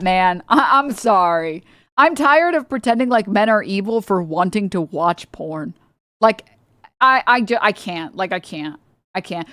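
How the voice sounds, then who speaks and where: A woman's voice: mid-range voice, no echo. A woman streamer giving reaction commentary, ranting with incredulous, profane remarks.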